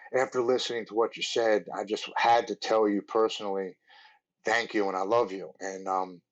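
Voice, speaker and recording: A man in his forties with a lowish voice shares his story as a podcast guest. He talks earnestly and in a rambling way, full of "like" and restarts. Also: highs cut off. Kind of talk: telling his recovery story.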